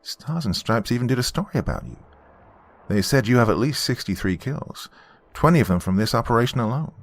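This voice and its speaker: A man's voice: mid-range voice, big pitch swings, fairly quick, creaky, pitched above the performer's own voice. A man voicing a young, nervous Army private who talks eagerly and stammers. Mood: excited.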